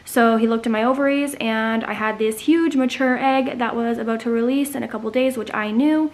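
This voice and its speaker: A woman's voice: a little high, fairly even intonation, brisk. A young woman in her twenties telling a personal story to camera in a casual, chatty vlog, with many fillers. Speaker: vlogger.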